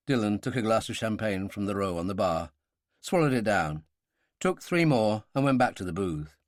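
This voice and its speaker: A man narrating a thriller audiobook with measured, descriptive delivery. His pitch moves animatedly through each sentence. The recording is dry and close, with no room sound. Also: lively intonation, dry recording. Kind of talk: scripted narration.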